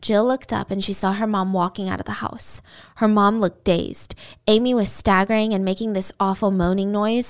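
A woman retelling a true-crime story in a casual, dramatic way, with chatty asides to the listener. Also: mid-range voice.

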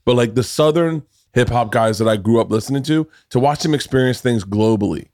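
A man's voice: mid-range voice, a little fast, a little mellow. Male podcast host from the South, medium voice, casual and swearing, talks in long run-ons. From American South. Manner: rambling, emphatic, swears freely. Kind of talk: casual chat.

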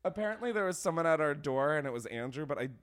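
A young man hosting a podcast, chatting casually in a gossipy, animated way, laughing often and saying "like" a lot. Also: a little high, quick pace, a crowd in the background. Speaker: podcast host. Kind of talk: casual chat.

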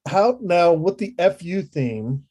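A man's voice: high voice, expressive, slow, mellow, husky. A man interviewing a photographer, asking rambling, hesitant questions with frequent chuckles. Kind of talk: casual interview.

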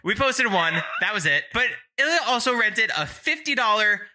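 A young man co-hosting a podcast, telling animated stories in casual chat and laughing often. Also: high voice, moderate pace. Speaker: podcast co-host.

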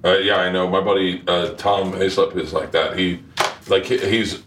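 A male host in casual chat, a swearing, animated storyteller. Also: deep voice, moderate pace, reverberant, recorded from a distance, a little hiss or hum.

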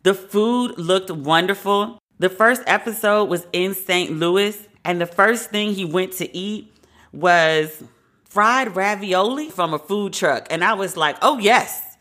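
A woman with a bright, forceful voice hosts a podcast in casual commentary. She talks candidly and conversationally, with strong opinions and the odd curse word. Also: medium pitch, slow. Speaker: podcast host.

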